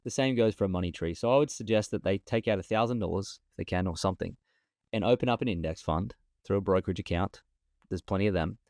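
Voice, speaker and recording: A man talking as a podcast guest over a remote call, an animated storyteller who often repeats himself. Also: low-pitched, quick pace, no echo. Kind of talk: casual interview talk.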